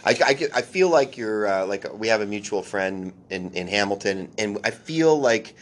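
A man's voice: lowish voice, animated, moderate pace. A man hosting a casual conversation, talking in an earnest way and searching for words. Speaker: podcast host.

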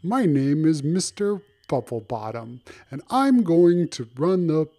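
Man doing a soft-spoken play host, storybook, slow formal announcing. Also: on the high side, sing-song, full character voice. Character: showman male host of a school play.

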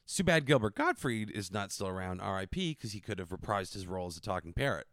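A man co-hosting a podcast in casual chat, with a deadpan, sardonic, cynical manner. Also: on the low side, fast talker. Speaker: podcast co-host.

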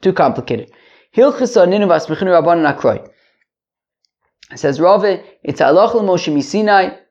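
A man's voice: high voice, lively intonation, moderate pace, a little mellow, highs cut off. A man giving a daily Talmud lesson, explaining step by step and repeating phrases with rhetorical questions. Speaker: Talmud teacher.

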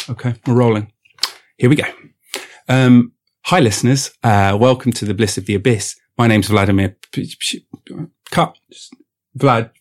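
A man's voice: medium pitch, gravelly, a little mellow. A man hosting a podcast in a comedy sketch, talking in an exasperated, sarcastic, rambling way with stammered restarts.

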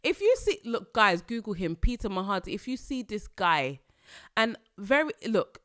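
A woman vlogger giving casual, animated commentary to her viewers, exclaiming often and laughing between points. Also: medium pitch, moderate pace, no echo, clean studio sound.

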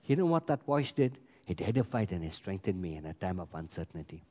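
A man preaching a sermon as pastor, emphatic, swinging between loud bursts and quiet asides. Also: fairly low pitch, brisk, hardly any pauses. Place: large church hall. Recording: long hall reverb. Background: congregation.

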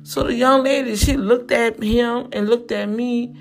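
A woman's voice: on the high side, moderate pace, hardly any pauses, faint music behind. A woman telling a personal story to her viewers in a chatty way, often turning to them and repeating words as she goes. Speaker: vlogger sharing a personal story.

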